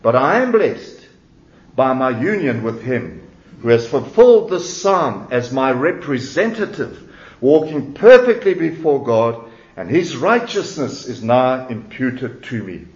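A man preaching a sermon, emphatic and measured, with dramatic pauses. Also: medium pitch, big pitch swings, darkish tone. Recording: roomy, dull lo-fi sound.

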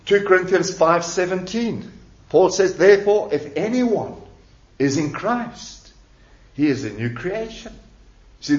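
A man preaching a sermon as pastor, emphatic and repeating key words with rising and falling delivery. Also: on the high side. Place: church. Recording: echoey church hall, dull lo-fi sound.

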